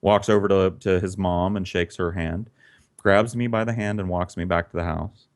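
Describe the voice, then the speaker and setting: Male podcast host, swears freely, animated casual storyteller. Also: deep voice, moderate pace. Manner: animated, profane, laughing often.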